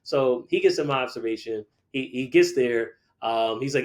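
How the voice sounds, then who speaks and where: A man's voice: medium pitch, normal speed. A man in his forties from Connecticut, a middle school teacher telling his story as a podcast guest, acting out the people he quotes. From Connecticut, USA. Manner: animated storyteller who acts out quoted people. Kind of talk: casual storytelling interview.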